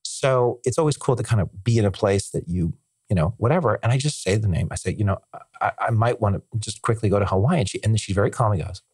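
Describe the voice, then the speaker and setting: A man talks quickly on a podcast, tumbling from one eager thought to the next. His voice sits a little low and sounds dry and close to the mic, with no room behind it. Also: a little mellow, husky, dry recording. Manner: rambling, enthusiastic, piles up filler words and restarts. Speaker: podcast guest. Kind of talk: casual conversational interview.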